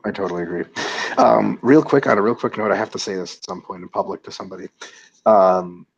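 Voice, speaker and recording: A man's voice: sits low, quick pace, vocal fry, slightly rough, highs cut off. A man co-hosting a casual webinar chat, a laid-back, rambling storyteller. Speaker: co-host.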